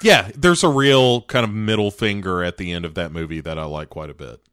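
A man's voice: low voice, fairly quick, a bit bright, clear, resonant tone, no room sound, studio quality. A man co-hosting a casual podcast about movies, rambling with many restarts and fillers. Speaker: podcast co-host. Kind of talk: casual movie review chat.

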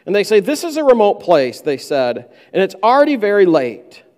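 A man's voice: high voice, huge pitch swings, moderate pace, darkish tone, in a large hall. A man preaching a sermon, who acts out the disciples' complaints in a raised voice. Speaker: pastor.

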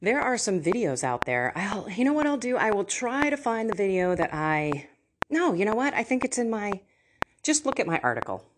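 A woman hosting a Catholic podcast, telling personal faith stories in an earnest, animated way with laughs and asides. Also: medium pitch, moderate pace. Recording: audible background noise.

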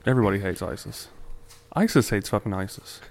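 A man's voice: on the low side, brisk, vocal fry, a little hiss or hum. A young man co-hosting a podcast, chatting casually with loose, profane storytelling. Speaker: podcast co-host. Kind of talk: casual chat.

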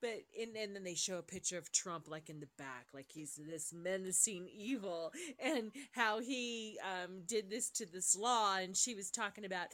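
A woman's voice: mid-range voice, normal speed, few pauses, fairly bright tone. A woman co-hosting a podcast in casual chat, exasperated and searching for her words. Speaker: podcast co-host.

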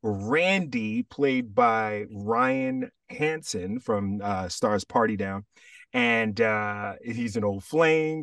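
A man from Jamaica, an actor guest chatting casually on a podcast, telling stories in a relaxed way with animated asides. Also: on the low side, no room sound, studio quality, recorded from a distance.

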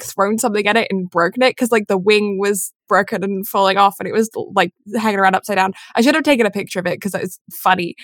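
A woman's voice: on the high side, a bit bright, no room sound. A woman in her twenties co-hosting a podcast, rambling casually with giggles and self-deprecating asides. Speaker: podcast co-host. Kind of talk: casual chat.

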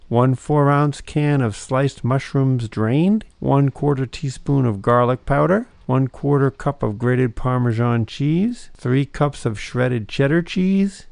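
A man co-hosting a cooking show, reading the recipe's ingredients in a steady, matter-of-fact way. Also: mid-range voice, gravelly, clean tone, dry recording.

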